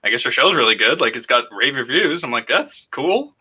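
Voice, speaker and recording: This podcast co-host talks fast in a medium-pitched, slightly rough voice. Chatting casually, he spins lively stories and performs the voices of whoever he's quoting.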